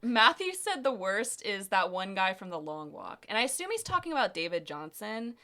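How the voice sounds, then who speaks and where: A young woman co-hosts a casual podcast chat in a bright, clear voice. Her pitch swings widely as she laughs and jumps into quick impressions of other people. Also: sing-song. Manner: chatty, laughs often, quotes others in put-on voices. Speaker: podcast co-host.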